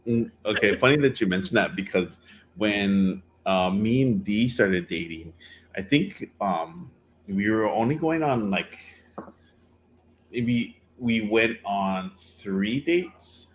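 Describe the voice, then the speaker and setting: Brief: middle-aged man, low voice, rambling casual podcast storyteller, faint hiss behind. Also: expressive, slow pace. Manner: rambling, many fillers and restarts. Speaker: podcast co-host.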